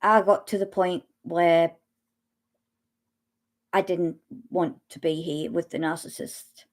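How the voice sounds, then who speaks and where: A middle-aged woman speaking slowly and haltingly about her own experience, pausing often and restarting her sentences. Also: on the low side, fairly even intonation. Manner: slow, halting, with long pauses and restarts. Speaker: speaker sharing personal experience. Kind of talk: personal testimony talk.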